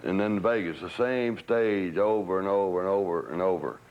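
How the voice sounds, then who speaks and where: An older man, recounting old stories in an interview, animated and acting out what people said. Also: low-pitched, moderate pace, phone-quality sound. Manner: animated storyteller who acts out quotes. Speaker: interviewee, former entourage member. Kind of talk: storytelling reminiscence.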